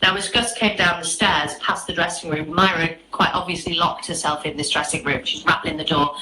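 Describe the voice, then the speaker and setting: Animated actress lady, bright sharp voice, bit of room echo and hum. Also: fairly low pitch, brisk, few pauses. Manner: animated storyteller, laughs often. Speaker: West End actress, guest. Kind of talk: casual chat.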